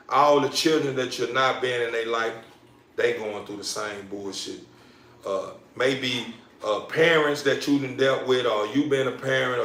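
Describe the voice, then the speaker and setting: A man telling a profane personal story, repeating phrases and building excitement as he goes. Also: medium pitch, creaky. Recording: roomy, from a distance.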